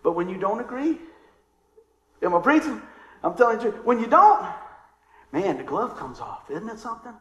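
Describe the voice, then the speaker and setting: A man's voice: high voice, sing-song, normal speed, long pauses, reverberant, highs cut off. A male pastor preaching a sermon in a conversational way, calling out to his congregation. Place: church sanctuary.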